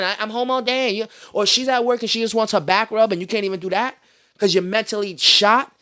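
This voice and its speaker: A man's voice: high voice, fairly bright tone. A man from New York City hosting a podcast, ranting in casual chat with lots of profanity and slang. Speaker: podcast host.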